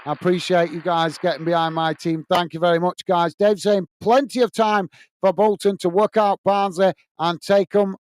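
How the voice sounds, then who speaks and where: This watch-along host from England commentates a football match for fans live, reading out viewer comments and cheering for his side in a chatty way. His high, smooth, clear voice has a flat delivery at normal speed, recorded close and dry with no room sound.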